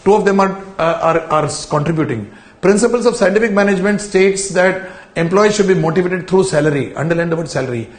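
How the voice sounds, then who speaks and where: A man's voice: sits high, fast, roomy sound. A man gives a classroom lecture, repeating words and telling students to underline key terms.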